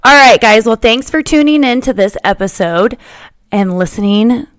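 Her voice on the high side and her intonation lively, a podcast host in her thirties chats casually and teases her guest, playful and ready to laugh. There's no echo on the recording.

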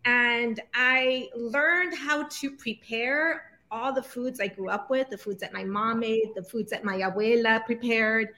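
Woman, scholar guest, thoughtful, reflective, slightly high voice. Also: unhurried, hardly any pauses, pushed and bright. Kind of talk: conversational interview.

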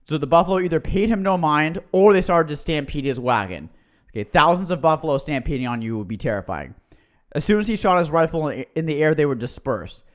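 A man co-hosting a casual podcast, telling history in an excitable, joking way. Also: fairly high pitch, fast. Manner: excitable, tells history with jokes. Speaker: podcast co-host. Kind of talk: casual chat.

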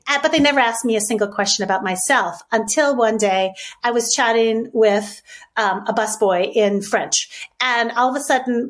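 Chatty woman in her sixties, slightly high. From United States. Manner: animated, chatty storytelling with many fillers. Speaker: podcast guest. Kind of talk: casual storytelling interview.

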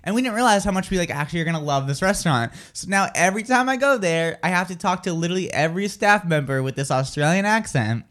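A man's voice: high voice, fast talker, hardly any pauses. Chatty man hosting morning radio. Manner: animated storyteller acting out quotes and sounds; chatty with many fillers. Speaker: radio show co-host. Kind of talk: casual morning radio chat.

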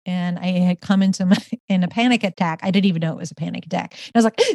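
A middle-aged woman, a guest author and healer, talking in an animated, emphatic way in a conversational interview. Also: fairly low pitch, fast, no echo, clean studio sound. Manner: animated, emphatic storytelling with gasps and laughs.

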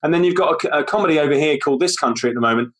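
A man with a London accent, chatting casually as a guest, animated and rambling. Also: on the high side, rapid-fire. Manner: animated, rambling, does impressions. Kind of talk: casual interview chat.

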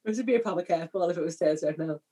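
A woman's voice: on the low side, rapid-fire, dark tone, breathy edge. A woman co-hosting a casual podcast, giggly and confident in her answers. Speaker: podcast co-host. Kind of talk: casual chat.

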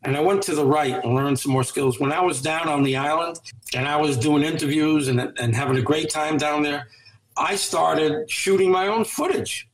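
A man's voice: on the high side, normal speed, roomy sound, rough recording. A man speaking as a guest in an interview, giving earnest, motivational advice with a coaching tone.

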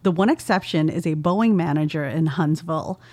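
A woman's voice: low-pitched, moderate pace, a little mellow, dry recording. A woman co-hosting a podcast, reading a listener email aloud with amused laughs. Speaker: podcast co-host.

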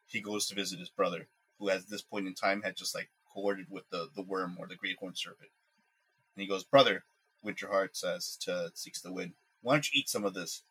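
A man telling a story casually on a podcast, drifting through it loosely with a few small restarts. His voice sits low, with a bright, forward tone and a husky grain. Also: flat delivery, a little fast, poor audio. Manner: loose, rambling retelling. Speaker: podcast co-host.

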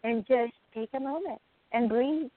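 Woman, life coach, calm advice, counting breaths, tinny phone-like sound. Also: fairly high pitch, measured pace, no room sound. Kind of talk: casual conversation, giving advice.

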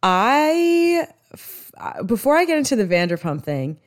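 A woman's voice: fairly high pitch, very animated, a little slow. A woman with a New York accent, from the US East Coast, hosting a podcast in rambling, chatty solo talk with many restarts. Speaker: podcast host. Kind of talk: casual solo podcast chat.

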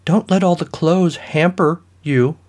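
A man's voice: fairly high pitch, darkish tone, voice pushed up. A man playing a smug, haughty villainess. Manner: smug, arch and drawn-out. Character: tall, haughty female fashion villain, smug.

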